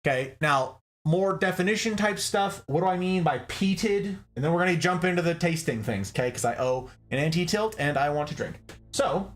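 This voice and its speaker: A man's voice: on the high side, normal speed. A man hosting a casual livestream, explaining whiskey in a chatty way and checking in with "okay?" as he goes. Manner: animated, chatty, repeats "okay?" and "like". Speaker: streamer hosting a whiskey talk. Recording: faint background music.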